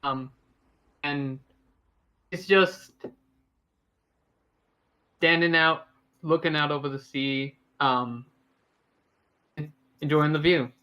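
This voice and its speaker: A man playing a tabletop game who describes his character haltingly, full of ums and self-corrections. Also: a little high, fairly even intonation, sharp tone. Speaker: player.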